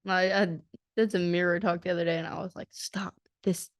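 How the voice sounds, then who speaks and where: A woman's voice: on the low side, fast, no room sound. A woman co-hosting a podcast, chiming in with short agreements and telling her own stories casually. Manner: short agreeing interjections, relaxed. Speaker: podcast co-host. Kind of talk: casual spiritual chat.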